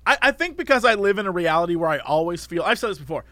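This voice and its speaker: A man with a high, very lively voice, recorded dry and close. He rants in a casual chat and acts out exaggerated impressions. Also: rapid-fire, dry recording.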